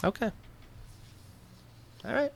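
A man's voice: takes it slowly, no room sound. A man co-hosting a casual talk show, arguing in an exasperated, sarcastic way. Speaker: co-host. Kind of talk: casual chat.

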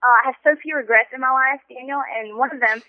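A woman calling in to a talk show, telling excitable stories and swearing freely. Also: high-pitched, quick pace, a crowd in the background. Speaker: caller. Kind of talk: casual call-in chat. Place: on a phone call. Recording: tinny phone line.

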